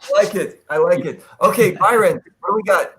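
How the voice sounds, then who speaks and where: A man's voice: high-pitched, fairly quick, pushed and bright. A male host running a casual, joking chat with enthusiastic praise. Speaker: podcast host. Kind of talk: casual video-call chat.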